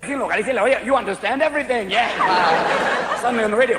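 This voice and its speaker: A man's voice: sits high, normal speed. A man doing a manic stand-up routine, jumping between voices. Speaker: stand-up comedian. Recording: echoey stage recording, loud crowd laughter and noise.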